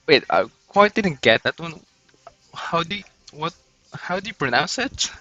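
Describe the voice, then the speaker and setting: A man's voice: on the high side, big pitch swings, measured pace, pushed and bright. A man co-commentating a live game tournament stream, agreeable and giggly, reading chat comments aloud. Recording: dull lo-fi mic sound.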